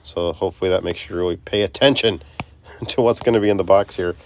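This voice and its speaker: A man's voice: low voice, brisk, slight background noise. A man teaching a recorded math lesson, chatty and self-interrupting, talking students through each step.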